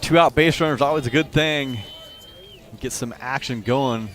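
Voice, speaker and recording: A man doing color commentary on a live high school baseball game, with relaxed, rambling analysis full of restarts. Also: normal speed. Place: outdoor ballpark.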